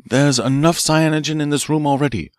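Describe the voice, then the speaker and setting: A man's voice: fairly high pitch, a little fast, darkish tone, dry recording, clean studio sound, voice pushed up, lightly acted. A man reading an audiobook, voicing a bold, cool-headed detective professor who talks in a commanding way. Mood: accusing.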